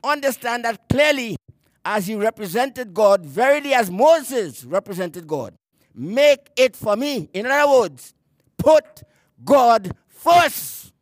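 Preaching emphatically, this man reads scripture aloud, drawing out important words and occasionally repeating one as he hunts for what comes next. His pitch is extremely high and his delivery very animated, captured in a dry, clean studio recording.

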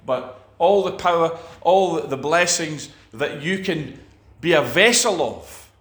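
A man's voice: on the high side, expressive, slow, a bit bright, roomy sound. A man preaching a sermon, emphatic, with repeated phrases and restarts.

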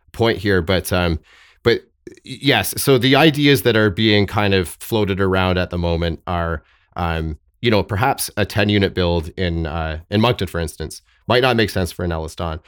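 A man speaking as a podcast guest, thoughtful and halting with frequent restarts and fillers. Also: low voice, a bit bright, smooth, dry recording, studio quality. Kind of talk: podcast interview.

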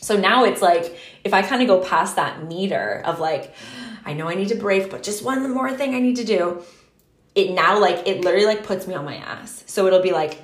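A woman co-hosts a podcast, chatting casually and animatedly, with lots of "like" as filler and plenty of casual swearing. Her voice is medium-pitched and brisk, and the room is echoey.

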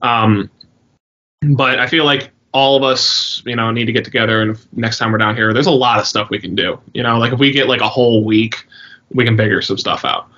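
A young man co-hosting a podcast, telling a story in a rambling, swearing, animated way. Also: medium pitch, brisk. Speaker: podcast co-host. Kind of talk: casual chat. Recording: dull lo-fi sound.

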